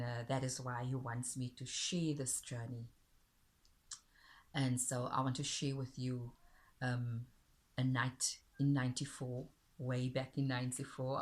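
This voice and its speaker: Low-voiced woman sharing an earnest testimony. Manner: earnest, heartfelt, rising with emotion when quoting God. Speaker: Christian speaker sharing a testimony. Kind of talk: personal testimony with a recited poem.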